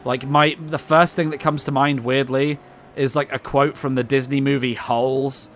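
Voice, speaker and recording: A man's voice: medium pitch, flat delivery, moderate pace, a bit bright, slight background noise. A young man with an English accent hosting a casual co-op gaming stream, rambling and joking about himself with lots of ums. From England. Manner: rambling, self-mocking, many ums. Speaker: let's-play host.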